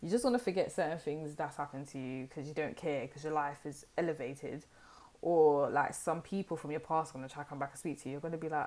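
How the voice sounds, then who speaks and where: Low-voiced woman, sassy tarot chat. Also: fast, a little mellow. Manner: chatty and sassy, heavy use of "like" and "you know". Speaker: tarot reader. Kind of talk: casual direct-to-camera tarot reading.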